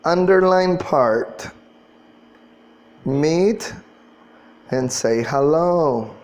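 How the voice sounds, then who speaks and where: Very slow-talking male English teacher. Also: a little high, lively intonation, a little mellow. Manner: patient, drills pronunciation, spells words out. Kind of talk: classroom lesson.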